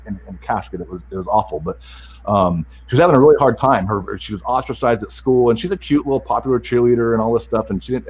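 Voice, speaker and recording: A middle-aged man telling a family story in a casual interview, animated and acting out the other voices in it. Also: on the low side, slight background noise, poor audio. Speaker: podcast guest.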